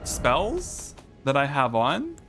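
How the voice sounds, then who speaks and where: A man's voice: medium pitch, wildly swooping pitch, drawn-out words, a bit bright, faint music behind. Chatty man streaming a game. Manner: thinks aloud, chatty, talks to chat. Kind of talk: casual gaming livestream commentary.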